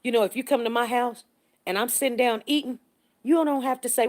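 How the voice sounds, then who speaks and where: A middle-aged woman hosts a relaxed morning live stream. She greets her viewers by name and chats with them in a friendly way. Her stories run animated, and she acts out the other people in them. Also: a little high, a little fast. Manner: animated storytelling, voices others in the story.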